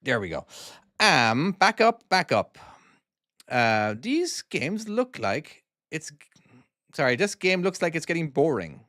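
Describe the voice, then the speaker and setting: A man with a Cork Irish accent softened by years in America, chatting casually with viewers and thanking them while he plays a trucking game on a live stream. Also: fairly high pitch, sing-song, measured pace, no echo, clean studio sound. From Ireland.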